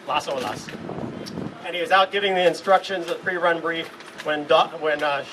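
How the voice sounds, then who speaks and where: A man's voice: on the high side, fairly even intonation, fairly quick. A man sharing rambling, chuckling anecdotes as a eulogy at a memorial gathering. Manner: rambling, chuckling between stories. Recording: distant mic with noise behind.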